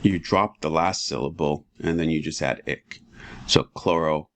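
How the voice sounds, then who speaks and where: A man teaching chemistry in a relaxed, casual lecture, walking students through each step and often asking "right?". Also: a little slow. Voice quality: very deep and gravelly. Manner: relaxed, talks students through steps with frequent rhetorical "right?".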